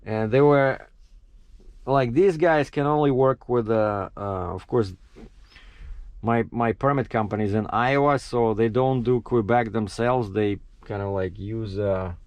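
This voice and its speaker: A man's voice: on the low side, unhurried, dry recording, lo-fi sound. A man, a truck driver, telling stories in a casual vlog and acting out what people said, with a dry close sound. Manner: animated, acts out his own quotes, laughs at himself.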